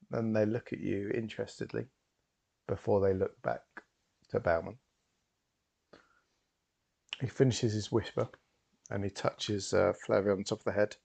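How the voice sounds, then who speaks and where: A man's voice: on the low side, vocal fry. Male game master narrating a tabletop game. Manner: relaxed storytelling with frequent fillers.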